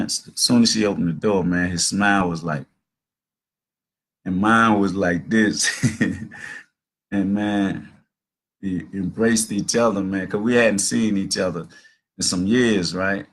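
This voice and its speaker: Husky-voiced man around sixty, deep. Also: steady tone, measured pace, long pauses. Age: about 60. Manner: loose storytelling with many "man" and "you know" fillers, earnest. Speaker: host of a talk show. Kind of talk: casual spoken monologue.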